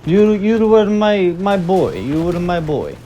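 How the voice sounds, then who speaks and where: A man's voice: sits high, sing-song, slow pace, dark tone, faint music behind, voice pushed up, exaggerated voice. A man putting on the voice of a drunken, Italian-accented older boxer, slurring and pleading. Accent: Italian-American, put on.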